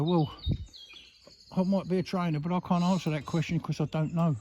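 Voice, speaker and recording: A man, a horse trainer explaining as he works outdoors on a road and coaxing his horse with soft endearments. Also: a little high, steady tone, normal speed, muffled recording. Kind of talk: casual explaining while driving a horse. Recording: loud outdoor noise with hoofbeats.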